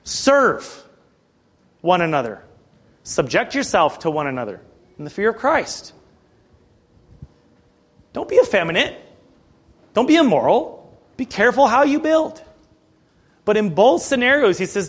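Animated high-voiced male preacher. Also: unhurried, long pauses, breathy edge. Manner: conversational, animated preaching with frequent asides. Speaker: pastor. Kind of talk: sermon.

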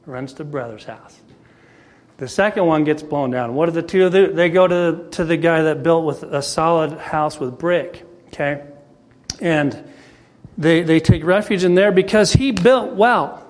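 A male preacher speaks to his congregation in a folksy, storytelling way. His voice sits high for a man and echoes with a long reverb through a church hall. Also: a little slow. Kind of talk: sermon.

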